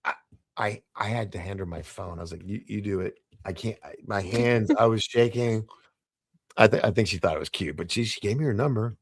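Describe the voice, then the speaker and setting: Gravelly low-voiced man telling stories. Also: fairly quick, no room sound, studio quality. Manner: animated anecdotes, acting out quoted dialogue in shifting voices. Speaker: guest. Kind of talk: casual storytelling in a podcast interview.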